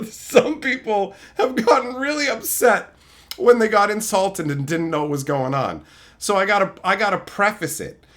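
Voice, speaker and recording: A man's voice: high voice, fairly bright tone. A man streaming live, ranting casually with lots of swearing, mocking jabs and laughter. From Canada.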